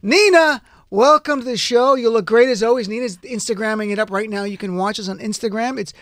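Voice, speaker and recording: High-voiced joking male talk show host. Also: steady tone, fast talker, fairly bright tone, no echo, studio quality. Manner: joking, playful, teasing. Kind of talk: casual panel talk show.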